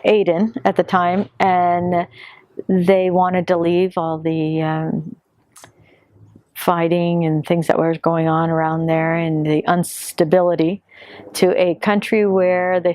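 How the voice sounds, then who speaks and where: A woman in her fifties from Yemen, sharing her family's story in a hesitant way, pausing often on fillers. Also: fairly low pitch, little pitch movement, darkish tone, no room sound, studio quality. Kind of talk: personal testimony.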